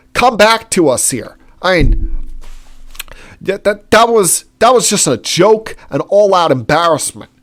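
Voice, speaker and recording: A male sports-talk podcaster delivering an opinionated, indignant monologue. His voice sits a little high, and he takes his time, filling pauses with frequent "uh"s as he builds each point. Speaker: podcast host.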